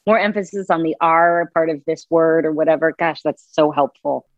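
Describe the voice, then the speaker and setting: Chatty low-voiced woman on dull audio. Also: normal speed, dry recording. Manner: chatty, expressive, laughs easily. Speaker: audiobook narrator, guest. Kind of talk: casual interview chat. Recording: dull dry lo-fi sound.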